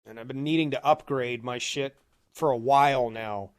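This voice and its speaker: A man's voice: medium pitch, moderate pace. A man hosting a livestream from his apartment home office, ranting heatedly and swearing constantly into a desk microphone. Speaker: livestream host. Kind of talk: angry livestream rant.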